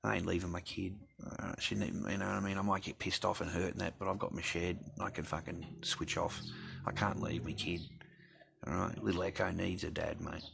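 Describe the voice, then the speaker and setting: A man's voice: sits low, little pitch movement, a little fast, vocal fry, fairly bright tone, slight background noise. A middle-aged man, ranting bluntly and swearing constantly in a casual talk to camera. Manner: blunt and sweary, heavy profanity. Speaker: vlogger.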